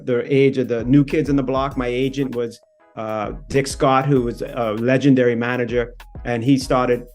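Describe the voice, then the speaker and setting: A man in his fifties with a Bahamian-New York accent, a TV host talking as a guest in a casual interview. He rambles in an easygoing way, with many "you know" fillers. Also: medium pitch. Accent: Bahamian-New York mix. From born in New York, raised in the Bahamas.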